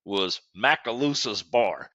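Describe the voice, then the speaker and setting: A man's voice: fairly low pitch, animated, slow, sharp tone, dry recording, dull audio. A man, hosting a podcast and telling stories between laughs. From Westbank of New Orleans. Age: 60s. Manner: storytelling, laughs often. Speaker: podcast host. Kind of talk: casual interview chat.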